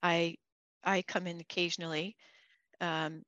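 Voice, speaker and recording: A woman's voice: lowish voice, little pitch movement, unhurried, a bit bright, no echo, dull audio. A woman hosting a podcast, talking casually and chattily, laughing and restarting her sentences. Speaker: podcast host. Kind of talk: casual interview chat.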